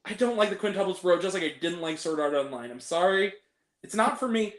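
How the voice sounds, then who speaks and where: A young man with a fairly high voice hosts a casual film chat, animated and ranting, with plenty of swearing. He talks in an echoey room. His pitch jumps up sharply when he gets worked up. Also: fairly quick. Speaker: host.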